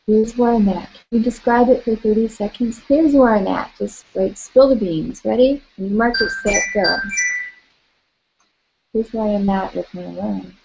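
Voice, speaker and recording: A woman leading a guided tapping session, calling out tapping points and gently coaching listeners through spoken affirmations. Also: mid-range voice, normal speed, creaky, lo-fi sound, music in the background.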